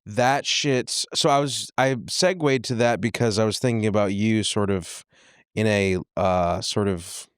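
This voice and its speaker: A man's voice: on the low side, unhurried, clean tone, dry recording, studio quality. A man co-hosting a podcast in casual banter, rambling and often cutting himself off mid-sentence. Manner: rambling, self-interrupting, laid-back. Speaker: podcast co-host.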